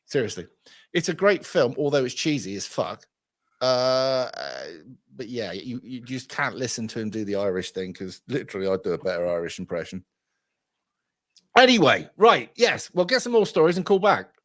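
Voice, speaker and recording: A man's voice: medium pitch, sing-song, normal speed, a bit bright. A man hosting a casual call-in stream, full of sweary, jokey banter. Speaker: stream host taking calls.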